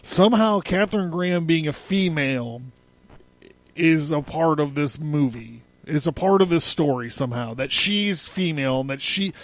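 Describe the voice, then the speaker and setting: A man's voice: fairly high pitch, moderate pace, dry recording. A man hosting a solo podcast, rambling and profane, laughing often and stammering through his notes. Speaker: podcast host. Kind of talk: casual solo podcast commentary.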